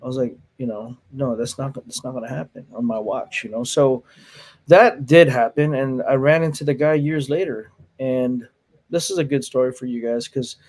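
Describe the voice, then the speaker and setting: A man's voice: medium pitch, fairly even intonation, normal speed, a little mellow. A man who teaches martial arts, telling stories in casual chat, swearing freely, laughing often and acting out what people said. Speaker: martial arts instructor, podcast guest.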